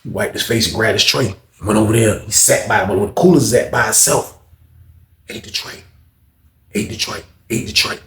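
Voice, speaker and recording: A man's voice: lowish voice, normal speed. A man casually telling a long story, rambling and repeating phrases while addressing listeners as y'all. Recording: roomy echo.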